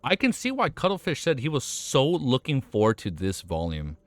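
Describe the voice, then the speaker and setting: A young American man reacting to a webnovel on stream, excitable and swearing often, laughing as he talks. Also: medium pitch, normal speed, no echo. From United States. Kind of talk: casual reaction commentary.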